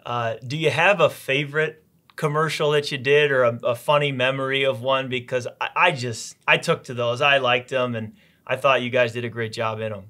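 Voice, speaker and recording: A man's voice: medium pitch, sharp tone. A man hosting an interview, asking a guest questions in a friendly way. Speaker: interview host.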